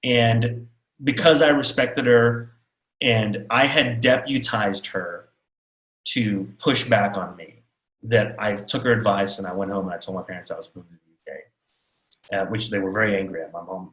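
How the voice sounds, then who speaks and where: A man from Texas giving a storytelling talk as keynote speaker, animated and acting out the people he quotes. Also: fairly low pitch, reverberant, low-quality recording. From Texas, USA. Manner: animated, acts out quotes of others.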